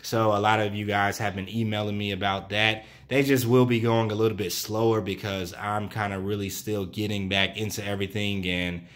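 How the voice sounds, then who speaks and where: A young man talks through a tarot reading in a relaxed, conversational way. He speaks in a somewhat low voice and rambles with plenty of fillers and little asides. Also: normal speed, few pauses. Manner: chatty, loose, many fillers and asides. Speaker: tarot reader.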